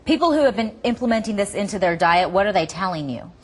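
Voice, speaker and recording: A woman hosting a TV show, asking a guest quick, upbeat questions in casual studio chat. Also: medium pitch, animated, breathy edge. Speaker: TV show host.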